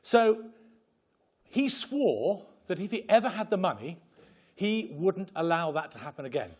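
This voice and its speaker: A man's voice: high voice, sing-song, unhurried, slightly rough. A man presenting at a fundraising seminar in a joking, impassioned way, speaking to a room. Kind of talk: humorous seminar talk. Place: conference room with an audience.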